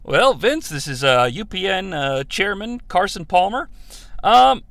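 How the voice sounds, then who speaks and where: A man doing a halting TV network chairman. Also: sits high, sing-song, creaky, a bit bright, dry recording, heavily acted. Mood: puzzled. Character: stiff male TV network chairman.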